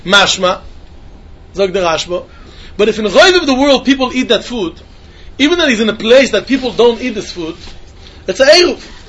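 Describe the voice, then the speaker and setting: Man, Talmud class, very high voice, sing-song questions, repeats himself. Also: lively intonation, normal speed, pauses often, a bit bright, muffled recording. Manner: sing-song questioning, repeats phrases, mixes Yiddish and Hebrew terms. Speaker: Talmud teacher. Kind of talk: yeshiva-style Talmud lesson.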